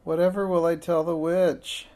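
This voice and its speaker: A man's voice: a little high, level tone, moderate pace, darkish tone, pitched above the performer's own voice, lightly acted. A man reading aloud, voicing a bold, pert young witch girl who snaps back and sighs over her troubles. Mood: worried. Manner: snappy and pert, sighing when worried.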